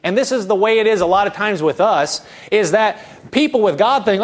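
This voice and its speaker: High-voiced man preaching conversationally. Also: normal speed. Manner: earnest, rhetorical questions, frequent restarts. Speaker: pastor. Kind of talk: conversational sermon.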